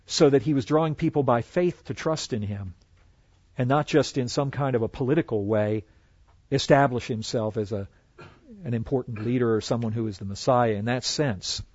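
An earnest man teaches a Bible class, stopping to read passages and working his way through each point with plenty of fillers. His voice sits at an ordinary middle pitch. The recording is dry and a bit dull, with no room sound. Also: moderate pace, a little mellow, no room sound. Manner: earnest, with frequent fillers and restarts, quoting scripture.

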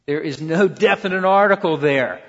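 A man teaching a Bible class, emphatic and animated, often repeating words as he restarts. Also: a little high, normal speed, slightly rough. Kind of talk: classroom lecture. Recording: muffled, roomy lecture hall recording.

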